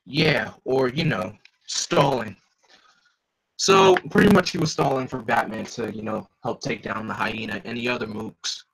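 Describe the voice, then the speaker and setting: A man's voice: lowish voice, big pitch swings, a little fast, vocal fry, few pauses, fairly bright tone, poor audio. A man reading a comic aloud live, chatty, stopping often to comment and joke. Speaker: reader.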